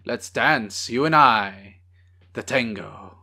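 Bright-voiced joking man riffing on a movie. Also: mid-range voice, takes it slowly. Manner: joking, sarcastic, swears freely. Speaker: host. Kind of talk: casual movie watch-along commentary.

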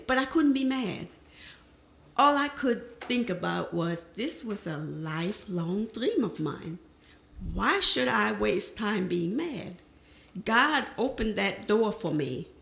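Gravelly-voiced woman telling her life story. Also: mid-range voice, roomy sound. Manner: lively storyteller who acts out remembered conversations. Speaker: panel speaker sharing her life history. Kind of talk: personal storytelling to an audience. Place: presentation room.

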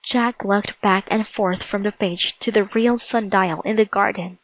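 A woman reading a children's chapter book aloud as narrator, in a slow, deliberate storytelling manner. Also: mid-range voice, steady tone, lo-fi sound. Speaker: storybook reader.

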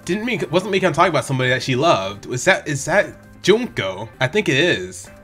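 A man hosting an anime reaction video at home, talking casually and excitably, often restarting his sentences. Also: a little high, fairly quick, faint music behind. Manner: excitable, rambling, frequent restarts and exclamations. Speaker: reaction channel host. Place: home room.

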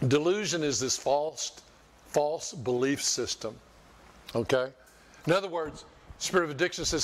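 An older man with a fairly high voice preaches to his church from the sanctuary, taking his time and leaving long pauses. His sermon wanders in a folksy way, full of restarts and repeated words.

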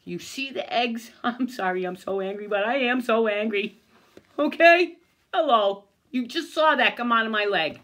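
A woman's voice: fairly high pitch, normal speed, hardly any pauses, sharp tone. An older woman filming herself in an agitated, angry rant, swearing, stammering and breaking into bitter laughs. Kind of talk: angry self-filmed rant.

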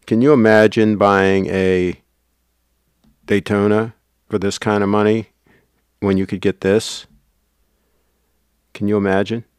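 Low-voiced man chatting on a livestream. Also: little pitch movement, unhurried, long pauses, clean tone, dry recording, clean studio sound. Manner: chatty, rambling, reads viewer comments. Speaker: livestream host. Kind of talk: casual livestream chat.

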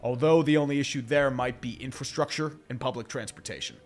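A man's voice: mid-range voice, brisk. Man streamer, stuffy nose, loose rambling live commentary, faint music under him. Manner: rambling, chatty, swears, laughs. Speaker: livestream host reading chat.

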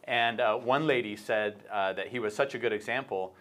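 A man's voice: fairly low pitch, normal speed, fairly bright tone. A man hosting a casual morning talk show, rambling as he retells a book with lots of fillers and restarts. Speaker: show host.

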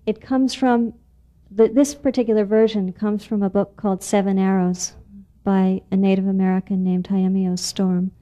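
A woman storyteller telling a tale to a live audience. Her voice is mellow and warm, gentle and often hushed to a near-whisper for suspense. It is recorded in a barn performance space. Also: medium pitch, flat delivery, normal speed.

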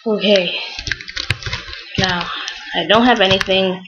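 Young female gamer, slow-talking and excitable, noise and clicks under her voice. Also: mid-range voice, muffled recording. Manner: excitable, exclaims often, frustrated outbursts. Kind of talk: Let's Play commentary.

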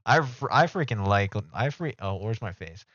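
A man's voice: on the low side, animated, normal speed, fairly bright tone, no room sound. A young man streaming live, rambling casually and joking with his chat. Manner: rambling, self-mocking, talks to chat. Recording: dull dry home mic audio.

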